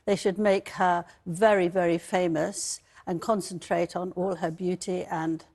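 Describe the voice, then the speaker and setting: A woman's voice: fairly low pitch, fairly even intonation, measured pace, a little mellow. A woman royal commentator and biographer speaking firmly and emphatically in a TV panel debate. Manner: firm, emphatic.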